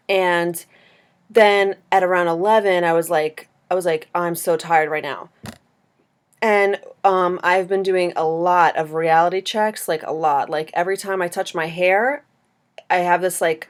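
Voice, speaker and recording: A woman vlogger in casual chat, talking with many "like" fillers and acting out her own quotes. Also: fairly low pitch. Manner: chatty, lots of "like" fillers, acts out quotes.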